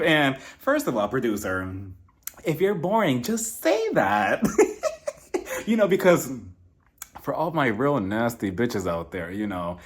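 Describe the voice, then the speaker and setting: Lively, gossipy male recap host. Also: medium pitch, slow. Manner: animated, gossipy, laughs at own jokes. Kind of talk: casual comedic recap.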